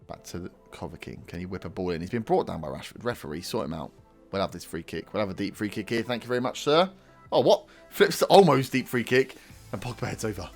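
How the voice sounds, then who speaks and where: A young man casually commentating his own football management game, excitable and talking to the players as the match plays out. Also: low-pitched, gravelly. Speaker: gaming YouTuber. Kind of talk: casual let's-play commentary.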